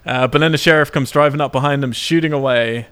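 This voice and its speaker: A man co-hosting a casual podcast chat, excitedly recapping a film and laughing often as he talks. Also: mid-range voice, fast talker, clear, resonant tone.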